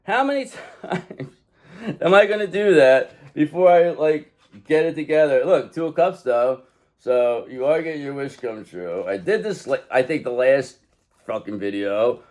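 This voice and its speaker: A man's voice: medium pitch, animated, normal speed, darkish tone. Man, mid-range voice, casual tarot reader; blunt, profane, emphatic, addresses viewer directly. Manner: emphatic, talks straight to the viewer. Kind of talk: casual tarot card reading.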